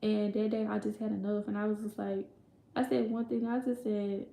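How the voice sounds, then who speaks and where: A woman's voice: mid-range voice, little pitch movement, normal speed, vocal fry, warm tone. A young woman telling a personal story in a casual, rambling way, full of fillers and quoted voices. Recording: echoey room.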